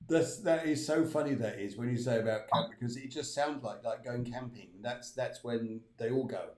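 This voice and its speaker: A man's voice: mid-range voice, moderate pace, a little mellow, reverberant. A man hosting a live spiritual show, chatting and giving readings to viewers. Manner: chatty, reads out viewer requests. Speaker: medium and show host.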